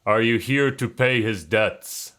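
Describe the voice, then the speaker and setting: A man voicing a booming, pompous yule spirit who holds a captive, in a put-on Russian accent. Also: slow pace, sharp tone.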